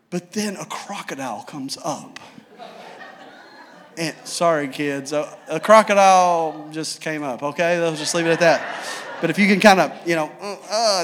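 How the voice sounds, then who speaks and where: A man preaches in a relaxed, humorous way, sprinkling his sentences with "like". His voice sits a bit high for a man. He tells stories loosely, with energy. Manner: casual, joking, animated retelling with filler "like". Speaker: pastor. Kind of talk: sermon with humorous storytelling.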